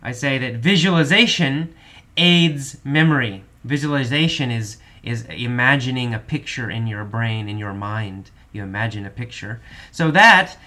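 Bright-voiced man teaching vocabulary slowly. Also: mid-range voice, animated. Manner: slow, repetitive explaining. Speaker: English teacher. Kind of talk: vocabulary lesson.

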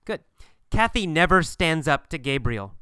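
A man teaching an English pronunciation lesson, asking and answering his own questions deliberately. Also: on the high side, very animated, pushed and bright, clear, resonant tone, dry recording, studio quality. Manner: slow, deliberate, repetitive questioning.

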